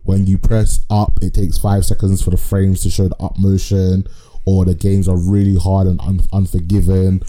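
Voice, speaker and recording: Deep voiced guy rambling about anime, lots of swearing and slang, really dark sound. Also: little pitch movement, normal speed, low-quality recording. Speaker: podcast co-host. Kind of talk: casual anime chat.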